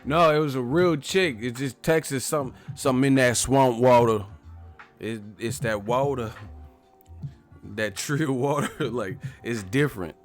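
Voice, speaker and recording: A man's voice: mid-range voice, a little slow, soft background music. A man in his thirties, hosting a live stream, chats loosely and profanely, rambling and laughing as he reacts to viewer comments. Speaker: boxing stream host. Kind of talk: casual live-stream chat reading comments.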